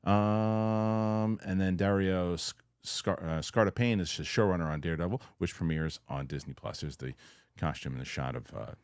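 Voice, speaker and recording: A low-pitched man hosts a loose news-reaction chat, riffing with quick asides and frequent restarts. His voice sits close and dry on the mic, with no room sound around it. He sounds conversational and unscripted. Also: clear, resonant tone, no echo. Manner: rambling, animated, loose with restarts. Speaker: show host.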